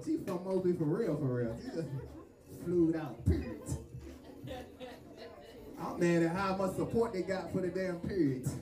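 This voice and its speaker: Joking man hosting comedy night. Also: fairly high pitch. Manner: loose, joking, quick bursts with laughs. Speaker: comedy show host. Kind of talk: stand-up comedy. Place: live venue stage. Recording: roomy hall from a distance with music.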